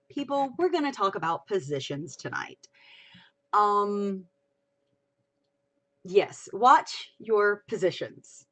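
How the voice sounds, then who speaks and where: Slow-talking chatty woman. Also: medium pitch. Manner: chatty, expressive, swears casually. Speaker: livestream host. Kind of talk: casual chat about fan fiction.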